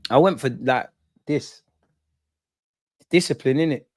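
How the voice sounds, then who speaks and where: A young man with a medium-pitched voice, speaking unhurriedly, hosts a live football watch-along. He chats casually, reacts to the play, and reads out comments, animated as he swings between muttering and shouting at the referee.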